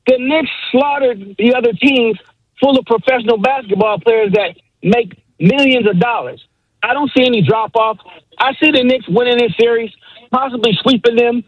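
A man's voice: extremely high pitch, no room sound, muffled recording. An enthusiastic man calling in to a sports radio show, cheering for his team. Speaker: caller.

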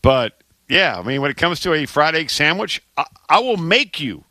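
A man with a Southern accent co-hosting a sports radio show, talking in emphatic, animated bursts with frequent restarts. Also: on the high side, moderate pace, dry recording. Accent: Southern American. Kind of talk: casual sports radio banter.

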